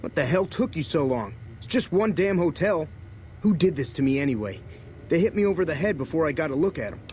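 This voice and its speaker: A man's voice: on the high side, expressive, brisk, darkish tone, a little hiss or hum, natural voice. A man playing a brash, folksy rancher's son. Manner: rough rural speech, indignant.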